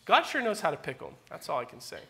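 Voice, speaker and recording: High, bright-voiced male pastor preaching. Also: gravelly. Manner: animated, dramatic emphasis with loud peaks and quiet asides. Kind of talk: sermon. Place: church.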